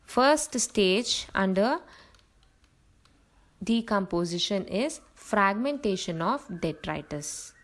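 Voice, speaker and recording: A woman's voice: mid-range voice, expressive, takes it slowly, rough recording. A young woman teacher giving a biology lecture, explaining terms step by step with frequent fillers.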